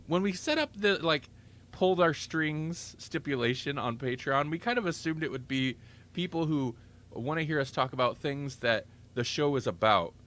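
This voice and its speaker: A man's voice: fairly high pitch, moderate pace, fairly bright tone. A man hosting a casual podcast chat, rambling and enthusiastic, often correcting himself mid-sentence. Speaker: podcast host.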